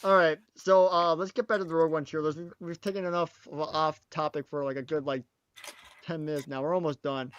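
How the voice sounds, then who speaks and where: A man hosting a casual podcast chat, excitable and tripping over his words with frequent restarts. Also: on the high side, fast, clear, resonant tone, dull audio. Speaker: podcast host.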